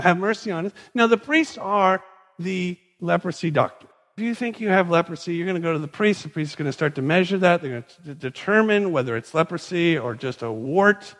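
Man, pastor, sermon, conversational, animated, slightly high voice, long reverb. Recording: long reverb in a large hall.

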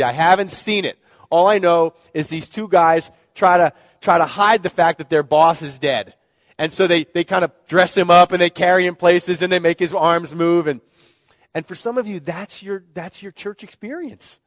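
A middle-aged man preaches with lots of swing, jumping into the voices of the people he describes. His voice sits high for a man, and the sound is close and dry with no room around it. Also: no echo. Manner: animated, acts out voices of people in the story. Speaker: pastor. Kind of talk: sermon.

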